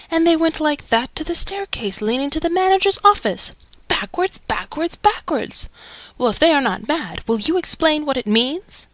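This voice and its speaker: A woman's voice: high-pitched, fairly bright tone, no room sound, pitched above the performer's own voice. A woman reading aloud and voicing an agitated male theatre secretary who exclaims with emphasis, in a storybook.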